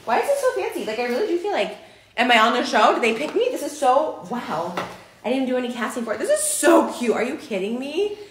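High, lively woman vlogger, gasps and gushes; roomy home recording. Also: quick pace. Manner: gasping, gushing, squealing with excitement. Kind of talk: excited unboxing vlog. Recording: echoey room, faint noise.

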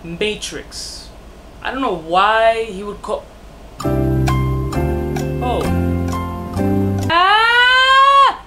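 A man's voice: sits high, slow, over loud music. A man reviewing fragrances in a casual vlog, profane and jokey, with bursts of mock outrage and self-mocking asides.

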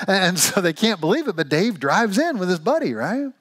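A man from Missouri preaching a sermon, telling a joke story with an animated, playful manner. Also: high-pitched, fast talker, few pauses, breathy edge. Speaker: pastor.

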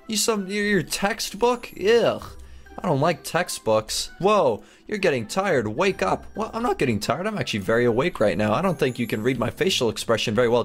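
A young man giving excited game commentary, narrating each move with gasps, laughs and chatter to his viewers. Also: fairly high pitch, normal speed, faint music behind. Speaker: gaming YouTuber.

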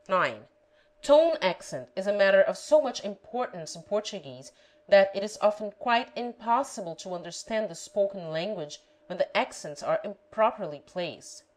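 A woman reading a grammar lesson aloud, pronouncing example words carefully and deliberately. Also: medium pitch, low-quality recording. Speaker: language teacher.

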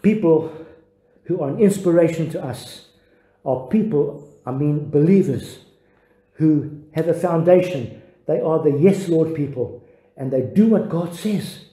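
An older man, a pastor, giving a devotional sermon in an earnest, halting way with frequent restarts. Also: on the high side, lively intonation, mellow, roomy sound, low-quality recording.

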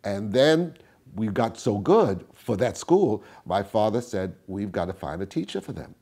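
An older man with a husky, mellow voice tells stories from his past in an interview. His pitch swings widely, rising high and loud, then dropping low and soft as he acts out the people he quotes. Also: a little slow. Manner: animated storyteller, acts out quotes with big swings in pitch and volume. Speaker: interviewee, tap dancer. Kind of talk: storytelling interview.

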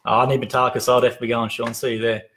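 An upbeat man co-hosts a casual live stream from his office desk, reading out viewer comments and greeting people by name. He has a mid-pitched voice and stumbles now and then over unfamiliar names. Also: little pitch movement, very fast, a bit bright. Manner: upbeat, reads names aloud, stumbles on pronunciations. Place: open-plan head office.

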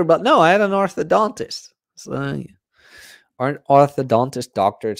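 A man's voice: fairly high pitch, animated, takes it slowly, pauses often, dry recording, clean studio sound. A man hosting a podcast, talking in a casual, blunt and profane monologue. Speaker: podcast host.

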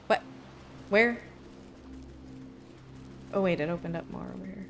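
A woman's voice: medium pitch, a little slow, long pauses, a bit bright. Giggly, flustered young woman streamer. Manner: giggly, flustered, lots of likes. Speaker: variety streamer. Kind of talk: casual game-stream chat.

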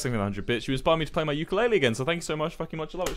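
A young man chatting casually to his stream viewers, telling stories in a rambling, animated way with plenty of swearing. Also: fairly high pitch, racing.

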